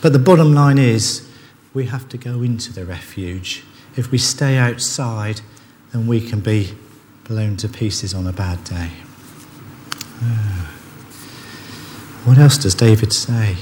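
In a church, a man preaches a sermon in an earnest, conversational manner, frequently restarting his sentences. His voice is fairly low, slow, and a little mellow. The recording carries the long reverb of a church hall, faint ambience, and slight background noise.

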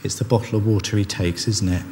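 Man, sermon, earnest, conversational, low voice, long church reverb. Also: steady tone, fast talker, heavy background noise. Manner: earnest, conversational, with frequent restarts. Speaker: preacher. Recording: long reverb of a church hall, faint ambience.

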